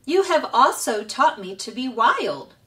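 A gentle, formal female robot from a storybook, put on by a woman reading aloud. She talks slowly and precisely, never using contractions, in a raised, lively voice. The sound is distant from the microphone. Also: high-pitched, voice pushed up, heavily acted. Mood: joyful.

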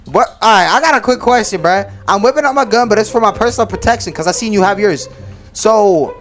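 A teenage boy chatting loudly over voice chat in a Roblox game, trading slangy banter. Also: high voice, brisk. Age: teens. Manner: loud, excitable, slangy banter. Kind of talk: casual gaming voice chat.

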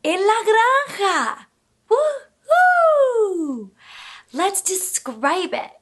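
A woman who is a bilingual speech therapist, teaching toddlers slowly in a sing-song, exaggerated way and making animal sounds. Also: extremely high pitch, very animated, a bit bright. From United States. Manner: sing-song, exaggerated, switches between English and Spanish.

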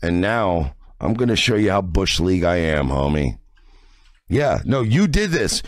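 A man's voice: deep voice, sing-song, a little slow, dry recording, clean studio sound. A drunk man on his stream, whining in an aggrieved tone about being wronged. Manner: whiny, aggrieved, slurring. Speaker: streamer in clip.

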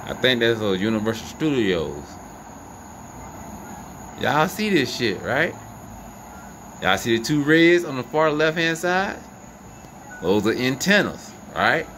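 A man filming the night sky on his phone outdoors, giving excited and profane running commentary to his viewers. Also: medium pitch, slow, long pauses. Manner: animated, profane, incredulous, talks to viewers. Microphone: phone camera. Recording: noisy outdoor phone recording. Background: crickets and insects, passing vehicles.

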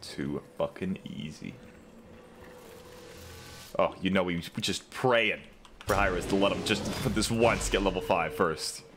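A man's voice: low-pitched, unhurried, pauses often, noisy background. A young man giving live commentary over his own game, trash-talking opponents and joking with heavy profanity. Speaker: gaming content creator.

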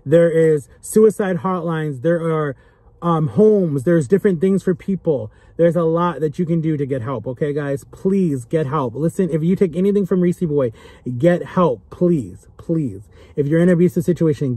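This young man's voice is a little high, husky and mellow, moving at a measured pace in a dry recording. Addressing his camera in an animated, impassioned vlog, he pleads earnestly, circles back to the same points for emphasis, and grows emotional.

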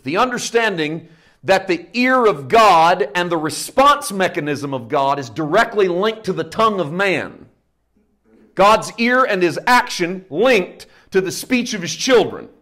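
Preacher man with swinging, emphatic delivery. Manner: swings from hushed low asides to loud emphatic peaks. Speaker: pastor. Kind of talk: sermon.

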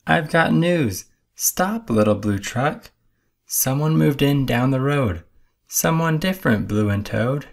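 A man voicing an excited farm hen bursting with news in a storybook read-aloud. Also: slow, gravelly. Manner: breathless, high and urgent.

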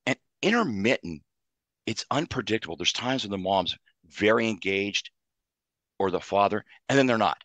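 Low-voiced man, earnest psychologist. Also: animated, moderate pace, fairly bright tone, dry recording. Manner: earnest, explains in numbered lists. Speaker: psychologist and author. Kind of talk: interview answers.

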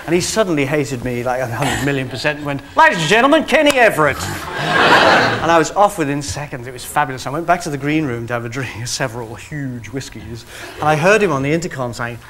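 A man with an English accent, a talk show guest telling comic anecdotes in a camp, giggly way. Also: fast talker. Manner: camp, giggly, jumps into squeaky high voices for quotes. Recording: studio audience laughing loudly, noisy broadcast.

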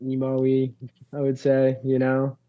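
A man from Long Island, New York, the frontman of a band, is a guest on a casual podcast. His mid-range voice is monotone and slow over phone-quality sound as he tells rambling stories packed with fillers and swearing.

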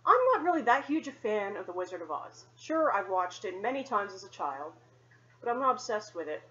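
A woman's voice: medium pitch, sing-song, fairly quick, sharp tone, highs cut off. A woman doing a casual show-and-tell vlog at home, chatty, rambling and self-deprecating. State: sweaty after cleaning. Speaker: doll-collecting vlogger. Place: home condo.

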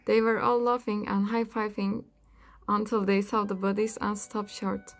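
A woman narrating a satirical fairy-tale audiobook in a wry, deadpan reading. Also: medium pitch, normal speed. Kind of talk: comic storybook narration.

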